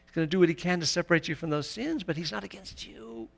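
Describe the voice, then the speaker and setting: A male pastor preaching a sermon in church, emphatic, rising to loud peaks. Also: a little high, sing-song, quick pace, gravelly.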